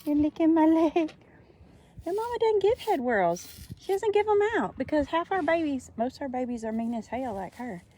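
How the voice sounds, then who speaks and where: A woman's voice: high-pitched, big pitch swings, normal speed, dark tone, slight background noise. A woman, cooing affectionate baby talk to cows outdoors on a farm, recorded on a handheld phone. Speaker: farmer. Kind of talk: casual talk to animals.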